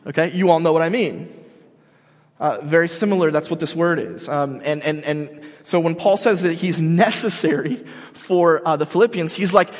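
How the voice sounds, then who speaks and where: A man preaching a sermon as pastor, animated and emphatic, often restarting his sentences. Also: on the high side, normal speed, long reverb tail.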